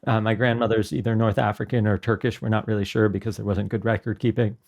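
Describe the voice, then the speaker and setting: A man in his thirties from New York, a podcast guest with a throaty, hoarse voice, chatting in a self-deprecating way. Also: lowish voice, flat delivery, quick pace, a little mellow, muffled recording. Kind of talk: casual interview chat.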